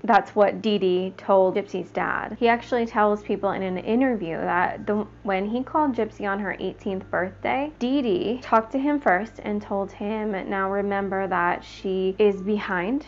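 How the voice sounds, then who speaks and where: A woman's voice: mid-range voice, lo-fi sound. A woman hosting a true crime show, telling the story in a chatty, conversational way. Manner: chatty, conversational, frequent "like" and "you know".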